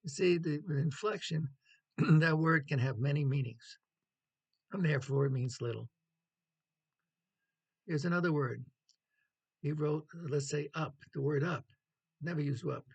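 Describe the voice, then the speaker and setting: A man giving a measured classroom lecture on writing as the instructor, pausing often with ums and clearing his throat. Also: fairly high pitch.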